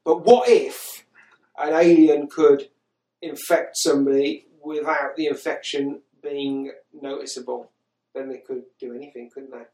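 A man's voice: a little high, little pitch movement, unhurried, warm tone, reverberant, low-quality recording. A man hosting a podcast, recapping a film in casual chat with exasperated, sweary incredulity. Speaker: podcast host.

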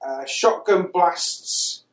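A man's voice: sits high, very slow, reverberant, low-quality recording. A man hosting a podcast, recapping a film in casual chat with exasperated, sweary incredulity. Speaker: podcast host.

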